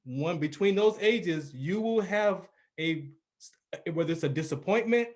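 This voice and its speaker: A man's voice: high voice, expressive, measured pace. A man in his forties from California, a radio personality and podcast guest, speaking earnestly and with emphasis as he tells a personal story in casual conversation. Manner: earnest and emphatic, acts out quoted voices.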